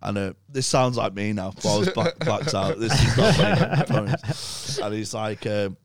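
A man's voice: fairly low pitch, animated, normal speed, dry recording, clean studio sound. A man telling sweary, rambling anecdotes in casual podcast chat.

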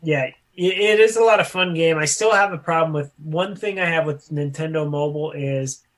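A man's voice: a little high, moderate pace, fairly bright tone. A man co-hosting a casual podcast, talking about games in a loose, jokey way and now and then slipping into goofy voices. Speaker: podcast co-host. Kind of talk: casual chat.

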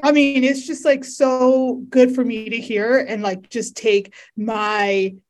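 A woman's voice: a little high, fairly even intonation, slow pace. A woman hosting a podcast in casual chat, enthusiastic and effusive.

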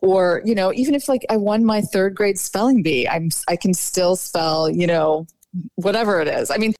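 A woman dating coach talking casually in a podcast interview, chatty and quick to say "like" and "you know.". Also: mid-range voice, darkish tone, no room sound.

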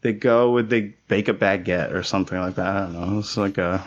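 A man's voice: low voice, steady tone, fairly quick. A man hosting a podcast in casual chat, rambling with many fillers and giggling. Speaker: podcast host. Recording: lo-fi podcast audio.

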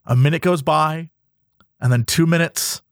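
A man co-hosting a casual comedy podcast, animated and jokey, sliding into silly voices. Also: a little high, normal speed, no echo, studio quality. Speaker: podcast co-host.

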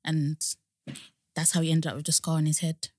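Young woman, low voice, dry close sound. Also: level tone, fairly quick, a little mellow, no echo. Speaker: podcast co-host. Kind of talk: casual chat.

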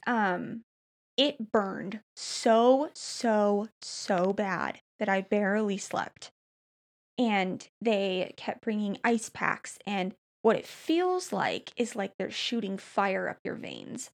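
A woman's voice: medium pitch, vocal fry. A woman in casual conversation, animatedly recounting a painful hospital night with many fillers and restarts. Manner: animated storytelling, frequent fillers and restarts, quick laughs. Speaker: storyteller recounting a hospital stay. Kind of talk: casual chat.

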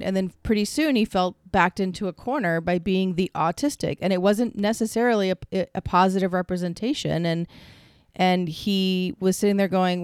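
A woman's voice: mid-range voice, fairly even intonation, normal speed, a little mellow, clear, resonant tone, dry recording, studio quality. A woman co-hosting a casual talk show, explaining things earnestly and with many restarts, and getting flustered when she is teased. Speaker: podcast co-host. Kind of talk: casual chat.

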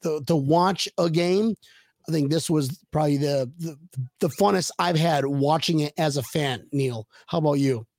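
Gravelly-voiced man riffing on football. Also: on the high side, normal speed, a little mellow, no room sound, clean studio sound. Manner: rambling, jokey, repeats words when starting sentences. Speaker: podcast co-host. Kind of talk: casual sports talk.

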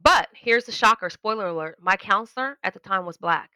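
Bright-voiced woman telling animated stories. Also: medium pitch, fairly quick, dry recording, low-quality recording. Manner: animated storytelling, acts out quoted voices, laughs often. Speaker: guest, educator and linguist. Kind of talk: casual podcast conversation.

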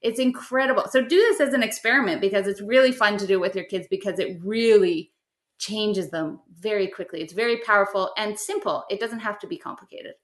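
A middle-aged woman talks a listener through a simple practice in a gentle, step-by-step way. Her voice sits at a middle pitch for a woman. The room gives her voice a noticeable echo. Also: brisk. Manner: gentle, instructive, step-by-step guidance. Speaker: guest teaching spiritual practice. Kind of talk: explanatory podcast chat. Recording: roomy echo.

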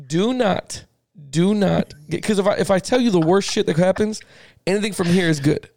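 A man co-hosting a casual sports podcast, an animated, profane storyteller who keeps saying "listen to me". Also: sits high, moderate pace, crowd noise. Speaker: podcast co-host.

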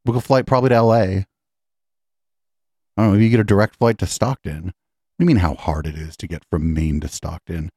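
A man's voice: low-pitched, steady tone, fairly quick, long pauses, warm tone, breathy edge, no echo, clean studio sound. A man hosting a podcast, mocking and profane, reacting incredulously to political clips. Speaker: podcast host. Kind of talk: sarcastic political commentary on clips.

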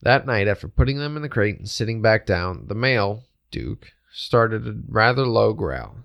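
A man with a low, gravelly voice reads a ghost story aloud. His delivery is steady and matter-of-fact, like a host reading a listener's tale. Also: normal speed.

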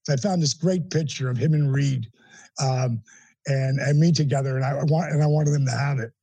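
An older man, the guest of an interview, telling a story in an animated way and acting out the voices of the people he quotes. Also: mid-range voice, normal speed, breathy edge, no room sound, rough recording.

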